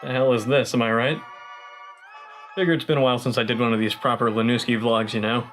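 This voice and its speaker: A man's voice: medium pitch, steady tone, fast, a bit bright, faint music behind, rough recording. A young man vlogging in a tipsy, rambling way, joking and swearing freely while he chats to his viewers. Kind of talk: casual rambling vlog.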